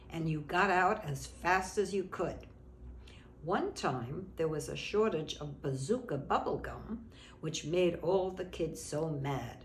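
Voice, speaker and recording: An older woman from Brooklyn reading her childhood memoir aloud in a gentle, reminiscing way. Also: lowish voice. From Brooklyn, New York. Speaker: memoir narrator. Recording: roomy echo, faint background noise.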